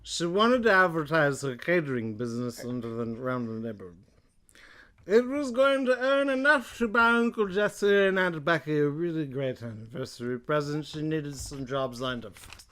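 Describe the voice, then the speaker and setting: A man's voice: fairly high pitch, expressive, moderate pace, fairly bright tone, voice pushed up. A man putting on a drunk British guy's voice to read a children's book aloud. He drawls and keeps tacking on "darling". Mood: drunken drawl. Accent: put-on British.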